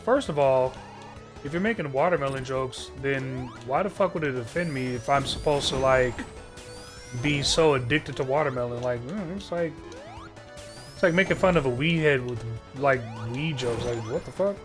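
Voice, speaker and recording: A man's voice: medium pitch, normal speed, music in the background. A man streaming live, ranting to his chat in a rambling, sardonic way, swearing constantly and restarting his sentences. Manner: rambling, heavy cursing, sardonic.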